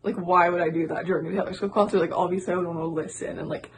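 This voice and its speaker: A woman's voice: fairly low pitch, steady tone, racing, background noise. A young woman vlogger telling a story casually, with "like" in nearly every phrase. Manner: filler-heavy, constant "like". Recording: music playing behind.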